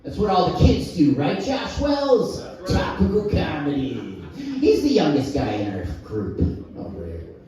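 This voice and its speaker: A man's voice: fairly high pitch, wildly swooping pitch, measured pace, over music. A middle-aged man doing a stand-up comedy set, firing off one-liners and working the crowd in a live club. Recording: echoey room, mic heard from a distance.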